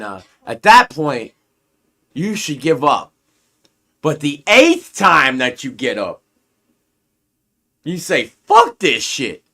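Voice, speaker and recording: Male stream co-host, casual chat, crude comic rambler, builds tall tales step by step, mid-pitched everyday voice. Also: pushed and bright. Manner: crude, escalating storytelling.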